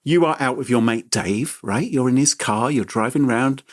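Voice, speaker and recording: A man hosting a podcast, telling a story in a playful, animated way. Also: medium pitch, normal speed. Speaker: podcast host. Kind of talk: casual chat.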